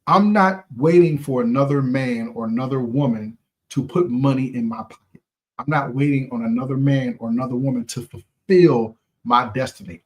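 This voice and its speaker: Speaking in a mid-range voice, a live stream host talks directly to his viewers with fiery, preachy motivation. His slangy pep talk leans on repeated phrases for emphasis.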